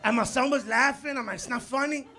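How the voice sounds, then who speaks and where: A high-pitched man in his forties doing stand-up, telling animated stories and working the room. It is a live club recording, with the crowd's laughter loud behind him and steady room noise throughout. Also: fast. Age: 40s. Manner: animated storytelling, acts out quotes, works the crowd. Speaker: stand-up comedian. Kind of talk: stand-up comedy set. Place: comedy club on stage. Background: audience laughter.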